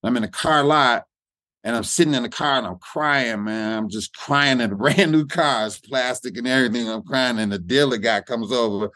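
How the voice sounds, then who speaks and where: A middle-aged man tells a story in a relaxed interview. He talks loosely and repeats himself as he searches for words. His voice sounds dry and close, with no room around it. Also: medium pitch, moderate pace, no echo. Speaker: guest comedian. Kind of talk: reflective interview talk.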